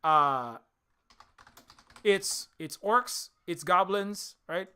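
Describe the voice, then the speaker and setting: A man's voice: high voice, animated, drawn-out words, sharp tone, clean tone. A man giving a heated, sarcastic commentary rant, full of rhetorical questions, fillers and swearing. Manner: swears often. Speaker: video essayist. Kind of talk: ranting commentary.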